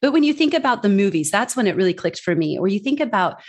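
A woman's voice: medium pitch, sing-song, fast, slightly rough. A woman guest in a casual conversation, speaking earnestly and with emphasis.

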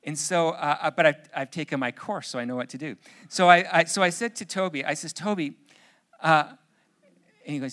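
A man's voice: a little high, a little fast, pushed and bright. A middle-aged man preaching as a pastor, telling funny family stories and acting out their voices. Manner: humorous storytelling, acts out family voices. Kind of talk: sermon.

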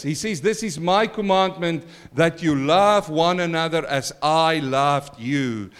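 A middle-aged male pastor giving an emphatic sermon, swinging between loud exclaims and quiet asides and calling for congregation responses. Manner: emphatic preaching with wide swings in loudness and pitch.

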